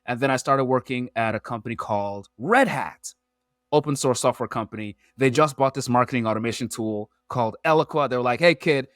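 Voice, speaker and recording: A man's voice: mid-range voice, brisk, dry recording. A man speaks as a guest on a business podcast. He tells stories through analogies with emphatic, swooping delivery. His voice sits mid-range and the recording is close and dry. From Nigeria. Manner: talks in metaphors and analogies, lively and emphatic. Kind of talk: animated storytelling in an interview.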